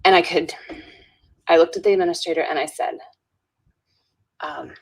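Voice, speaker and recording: A woman's voice: on the low side, steady tone, moderate pace, gravelly, husky. A woman guest on a podcast, telling an earnest story with restarts and frequent "right?" tags. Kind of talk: storytelling in a conversational interview.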